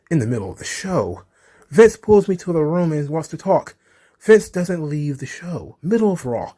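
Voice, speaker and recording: A man putting on a slow, bloviating voice to impersonate a male wrestler while reading a transcript aloud. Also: a little high, darkish tone, husky, full character voice. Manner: slow, bloviating, formal diction. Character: deep-voiced pompous male wrestler impression.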